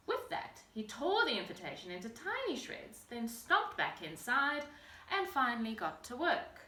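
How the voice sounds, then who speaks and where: A woman teacher reading a picture book aloud to young children in an expressive storytelling manner. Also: fairly high pitch, normal speed, echoey room.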